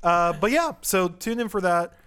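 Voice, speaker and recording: Young man, podcast co-host, casual chat, rambling, lively pitch, a bit high. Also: normal speed. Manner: rambling, self-interrupting.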